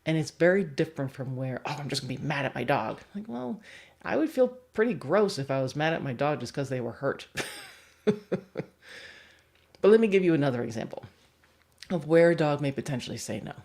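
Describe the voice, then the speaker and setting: A young adult woman and dog trainer giving a livestream lesson, animated and acting out examples. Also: sits low, a little fast, gravelly, pauses often. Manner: animated, acts out examples with voices.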